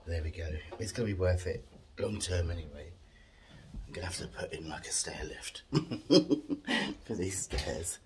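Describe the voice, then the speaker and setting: A man's voice: low voice, expressive, unhurried, long pauses, slight background noise. A man vlogging on a handheld phone around his house and garden, chatty and giggly, out of breath and tired. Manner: chatty, giggly, self-mocking about being shattered. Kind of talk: casual home vlog.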